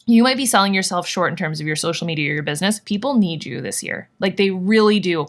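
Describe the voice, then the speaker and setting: A woman's voice: fairly low pitch, a bit bright. A woman vlogger and online business coach, talking to her viewers in a casual live workshop, bubbly and gushing, rambling with lots of fillers.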